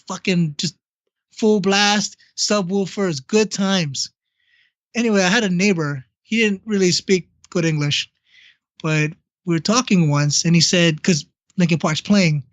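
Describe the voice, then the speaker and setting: A man's voice: sits high, no room sound. A man co-hosting a podcast, telling personal stories in a casual, blunt and profane way. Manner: blunt and profane, animated storyteller. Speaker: podcast co-host. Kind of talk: casual chat, personal storytelling. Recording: dull lo-fi, dry sound.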